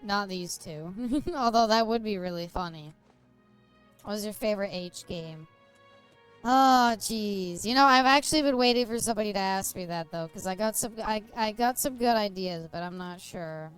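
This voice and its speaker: A woman's voice: medium pitch, normal speed, clean tone, soft background music. A woman streaming a game and chatting casually, giggling often and swearing freely. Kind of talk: casual gaming stream chat.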